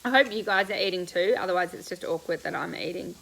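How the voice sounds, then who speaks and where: A woman's voice: lowish voice, vocal fry, fairly bright tone, low-quality recording. A woman riding coach hosting a casual live question-and-answer stream, chatty and bubbly as she answers viewers while eating breakfast. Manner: bubbly and chatty, quick laughs, loose rambling answers.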